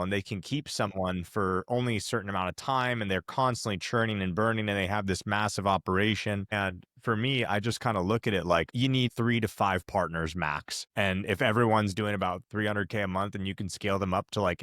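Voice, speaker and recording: A man's voice: on the low side, fairly quick, few pauses, fairly bright tone, dry recording, clean studio sound. A man talking as a podcast guest, laid-back and confident, with slangy storytelling. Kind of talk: casual podcast conversation.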